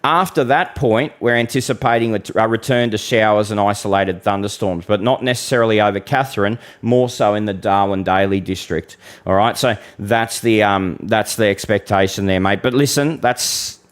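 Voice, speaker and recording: A man's voice: on the low side, normal speed, hardly any pauses. An Australian man hosting a live weather stream, talking bluntly and chattily to viewers, calling them mate. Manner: occasional mild swearing. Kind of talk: casual live-stream forecast with audience Q and A.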